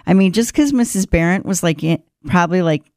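A woman's voice: on the low side, brisk, a little mellow, no echo, studio quality. A woman co-hosting a talk show, telling a childhood story in a chatty, self-mocking way. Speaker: radio show co-host. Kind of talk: casual chat.

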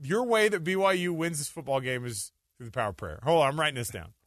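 Joking, bright-voiced male radio host. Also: fairly high pitch, expressive, no room sound, clean studio sound. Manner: quick, joking, laughs often. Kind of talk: casual sports talk radio banter. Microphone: studio microphone.

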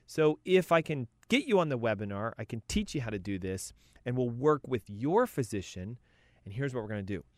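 A man's voice: mid-range voice, very animated, fairly quick, no echo, clean studio sound. A man hosting a health talk as a coach, emphatic and punchy, rattling off lists. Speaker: health coach and show host.

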